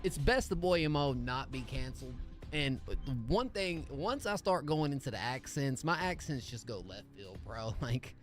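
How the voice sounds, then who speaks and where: A man hosting a music feedback livestream, greeting chat in upbeat, slangy casual talk. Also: medium pitch. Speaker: music review livestream host.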